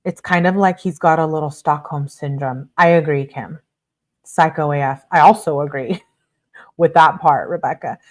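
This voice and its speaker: Low-voiced woman reading texts aloud. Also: moderate pace. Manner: reads messages aloud and reacts to viewer chat. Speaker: channel host. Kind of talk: reading text messages aloud with commentary.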